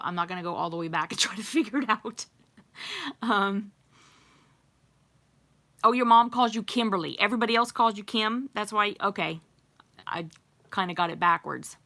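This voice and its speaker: A middle-aged woman hosts a casual livestream, reading comments and chatting with viewers in a rambling way full of ums and little laughs. Her mid-range voice is creaky, bright, and forceful.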